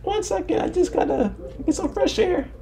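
A man from New Jersey, a streamer, talking in a put-on high falsetto that slips deeper now and then, brash and swearing. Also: moderate pace, vocal fry, crowd noise. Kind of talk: prank chat with a stranger.

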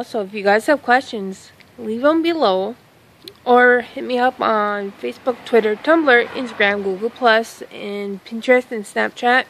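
A woman's voice: on the high side, unhurried, a bit bright, slight background noise, rough recording. A woman vlogger telling a story in a casual, rambling way, outdoors in a yard and filming on a phone she holds herself, with lots of exclamations and self-interruptions.

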